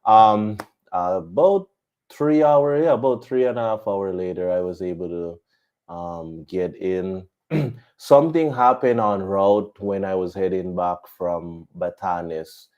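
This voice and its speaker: A man who flies as a missionary pilot, chatting to viewers on a live stream and telling stories in an animated way. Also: sits low, slow, lo-fi sound. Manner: animated storytelling with laughs.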